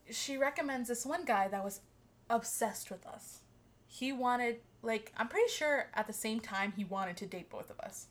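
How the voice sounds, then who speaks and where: A young woman casually telling a friend a story, animated, swearing freely and laughing as she talks. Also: a little high. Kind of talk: casual chat.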